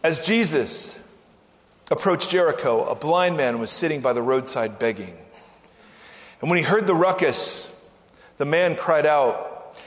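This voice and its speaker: A man preaching a sermon as pastor, animated, acting out the voices in the scripture he reads. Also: fairly high pitch, measured pace. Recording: long hall reverb.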